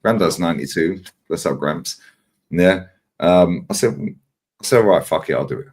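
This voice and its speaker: A man's voice: low voice, normal speed, breathy edge. A man, telling stories on a fan livestream, swearing often and acting out what others said. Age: 40s. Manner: animated, swears freely, acts out others' lines. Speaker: regular guest on a fan livestream. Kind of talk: casual storytelling chat.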